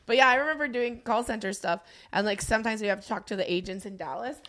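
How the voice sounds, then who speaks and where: A woman's voice: medium pitch, fast, a bit bright. A woman co-hosting a comedy podcast, chatting animatedly, laughing often and swearing casually. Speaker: podcast co-host.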